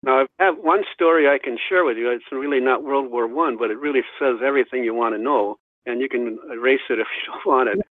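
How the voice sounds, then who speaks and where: A man's voice: mid-range voice, quick pace, hardly any pauses, no room sound. Male guest historian, anecdotal storyteller, phone-line sound. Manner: anecdotal, acts out quoted voices. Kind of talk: storytelling in an interview. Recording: dry tinny phone line.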